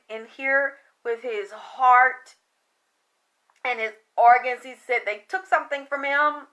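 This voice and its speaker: A woman with a high voice talks as a psychic medium, relaying a spirit's words in an emotional, wandering monologue. Her tone is bright and sharp, and she swears casually between the messages.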